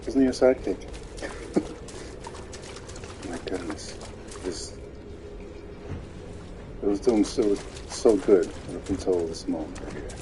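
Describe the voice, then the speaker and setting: A man's voice: deep voice, slow, long pauses, background noise. A man giving casual, mocking commentary over game footage, laughing often.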